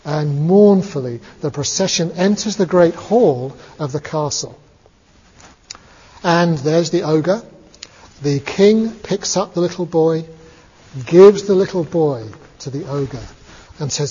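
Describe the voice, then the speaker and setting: Man, Buddhist teacher, relaxed storyteller, lo-fi with reverb. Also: on the high side, slow pace, slightly rough. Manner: relaxed, chuckling, many fillers. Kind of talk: storytelling talk. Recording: dull lo-fi recording, long reverb.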